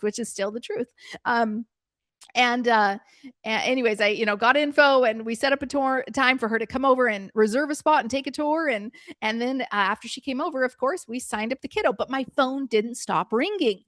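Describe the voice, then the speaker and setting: A middle-aged woman presenting a workshop as a preschool business coach. She tells stories in an animated way and acts out her own past reactions. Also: on the high side, normal speed, dry recording, studio quality.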